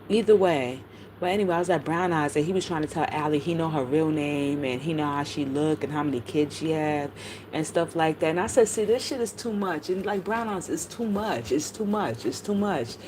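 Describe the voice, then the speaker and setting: A woman's voice: low-pitched, noisy background. A middle-aged woman streaming, chatting casually and bluntly about online drama, gossipy and full of profanity. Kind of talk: casual livestream chat.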